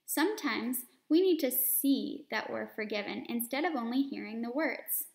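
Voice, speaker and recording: Lady reading a storybook to kids, higher voice, stops to explain stuff, echoey room. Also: normal speed, vocal fry. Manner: expressive storytelling, stopping to explain words for kids. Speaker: children's teacher reading a story aloud. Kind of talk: reading a children's story aloud with asides.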